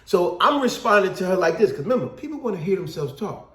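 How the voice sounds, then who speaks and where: A man with a fairly high, lively voice, talking in a casual discussion. He tells stories with energy and acts out the people he quotes. The sound is echoey, as if recorded in a bare room. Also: fast. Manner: animated storytelling, acts out quotes. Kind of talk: casual talk-show discussion.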